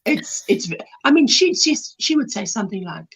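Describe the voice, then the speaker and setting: Guesting on a casual interview over a video call, a South African woman laughs as she explains things. Her voice runs on the high side with a breathy edge and big pitch swings, at normal speed.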